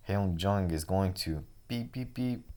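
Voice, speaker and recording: A man's voice: low-pitched, unhurried, warm tone. A man doing a cold, offhand woman teacher. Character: cold, self-centered woman teacher on a phone call.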